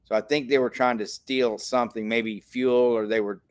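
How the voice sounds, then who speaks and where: A man's voice: mid-range voice, fairly even intonation, normal speed, clear, resonant tone. An older man from Texas hosting a casual livestream, talking in a rambling, indignant way with frequent restarts. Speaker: show host.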